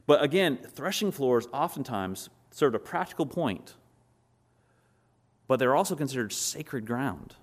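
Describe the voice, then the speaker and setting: A male pastor preaching a sermon, acting out quotes in animated storytelling with a son at home. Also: medium pitch, a little slow.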